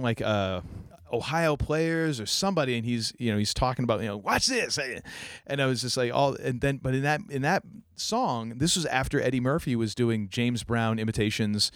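A man's voice: mid-range voice, expressive, fairly quick, dry recording, studio quality. A man hosting a casual podcast, talking enthusiastically and rambling with many restarts. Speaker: podcast host. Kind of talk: casual chat.

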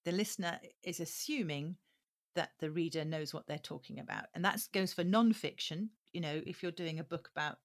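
Low-voiced woman, thoughtful and hesitant. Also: a little fast. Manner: thoughtful, frequent ums and restarts. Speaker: audiobook producer. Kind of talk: interview answers.

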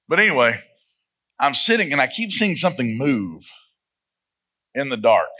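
A man in his forties preaches with a bright, husky voice. He tells a story from the pulpit and slips in quick voices for the people in it. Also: medium pitch, big pitch swings. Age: 40s. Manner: storytelling, acts out voices in anecdotes. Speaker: pastor. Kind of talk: sermon.

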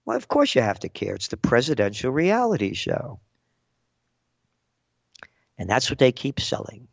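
A man's voice: medium pitch, wildly swooping pitch, normal speed, gravelly, pauses often, breathy edge, no echo. An older man giving an angry, sarcastic political rant as a commentator, punchy and blunt, in a dull, dry recording.

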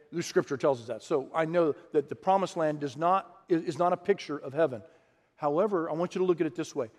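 Man, pastor, sermon, animated, acts out voices, fairly high pitch, long reverb. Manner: animated, acts out quoted voices, restarts often.

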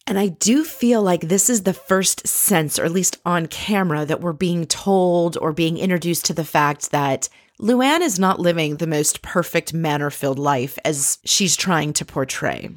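A woman's voice: fairly low pitch, a little slow, few pauses, dry recording, clean studio sound. A woman giving a chatty, opinionated recap of a reality TV episode, telling it like a story.

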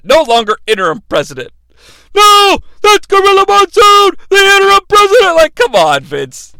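A man's voice: sits high, bright, forceful tone, no room sound. A man hosting a podcast, giving a wry, comedic play-by-play recap and swearing casually. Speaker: podcast host.

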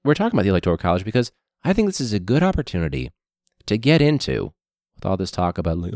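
Male teacher, very low voice, lively sarcastic delivery, throat a little hoarse, profane rant. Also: fast talker, dry recording, clean studio sound. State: hoarse throat after illness. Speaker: high school teacher. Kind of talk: casual ranting monologue.

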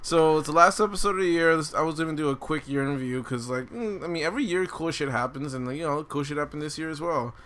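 Male podcast host, bright voice, casual profane banter, faint room noise. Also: on the high side, quick pace, few pauses. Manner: loose and profane, frequent fillers.

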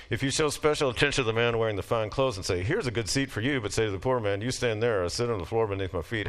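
Lively lecturing man reading scripture aloud. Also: fairly low pitch. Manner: conversational, reads passages aloud with rising emphasis.

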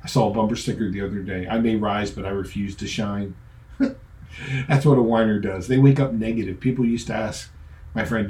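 A middle-aged man preaching with a mellow, warm tone. He talks in a relaxed, joking way and acts out the voices in his stories. The room around him is echoey. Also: lowish voice, normal speed. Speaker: pastor. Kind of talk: sermon.

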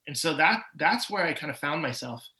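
A man's voice: a little high, expressive, brisk, sharp tone, low-quality recording. A man in his forties, a podcast guest, telling his personal story with candor and swings of emotion. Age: 40s. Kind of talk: personal testimony in an interview.

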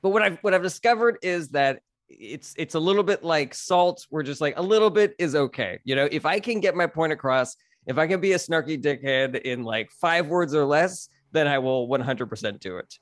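A man with a fairly high voice tells stories on a podcast in a lively, animated way, often slipping into little character voices. The sound is dry and close, with no room around it. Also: no echo. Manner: animated storyteller, acts out quick voices in his anecdotes. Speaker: podcast guest, comedian. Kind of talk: casual chat.

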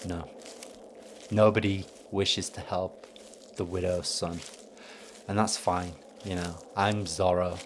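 A man with an English accent hosting a podcast, delivering a bitter, deadpan comic monologue. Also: low-pitched, takes it slowly, long pauses, a little hiss or hum. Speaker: podcast host. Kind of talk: sardonic comedic monologue.

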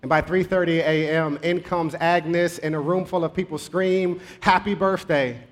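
A male preacher tells a story in his sermon, in a conversational tone. His voice is a bit high for a man. He speeds up and slows down to shape the story. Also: level tone. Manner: conversational, with shifting pace.

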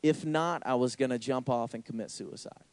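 A man's voice: mid-range voice, normal speed, darkish tone, dry recording, natural voice. A man voicing a shaken, earnest woman.

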